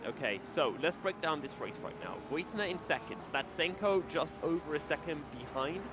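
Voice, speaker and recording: A man's voice: on the high side, lively intonation, moderate pace. Chatty male race commentator, noisy line. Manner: chatty, laughs easily, breaks down the race order. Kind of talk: sim racing commentary.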